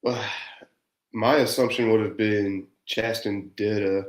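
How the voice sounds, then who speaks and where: A man's voice: lowish voice, steady tone, slow. A man co-hosting a casual college football show, laid-back and dry. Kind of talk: casual sports chat. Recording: roomy echo.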